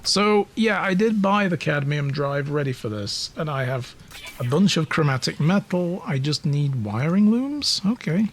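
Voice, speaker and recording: A man's voice: fairly high pitch, animated, measured pace. A man streaming a video game, chatting casually and reading its text aloud, joking at his own expense and swearing freely. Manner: joking, self-mocking, swears freely, laughs often.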